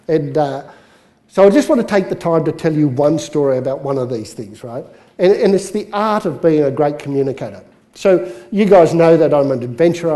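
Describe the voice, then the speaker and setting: Male presenter, storytelling workshop delivery, a bit high-pitched. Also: mellow. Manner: chatty, story-telling, with jokes. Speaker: business coach and presenter.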